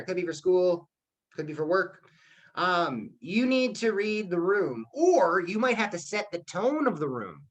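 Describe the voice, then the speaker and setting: A man teaching a public speaking lesson online over a video call, keeping his delivery upbeat and acting out the voices in his examples. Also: high-pitched. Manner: upbeat, acts out quoted voices.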